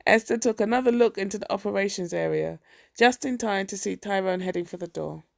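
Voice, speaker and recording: A woman reading a novel aloud as an audiobook narrator in a steady, even way. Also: medium pitch, fairly quick, gravelly, dry recording, studio quality. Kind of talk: scripted narration.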